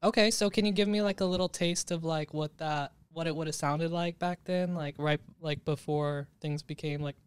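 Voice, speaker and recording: A man's voice: a little high, fairly even intonation, moderate pace, hardly any pauses, clean tone. An American man hosting a podcast, chatting casually and curiously, with lots of "like" fillers. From United States. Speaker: podcast host. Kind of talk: casual chat.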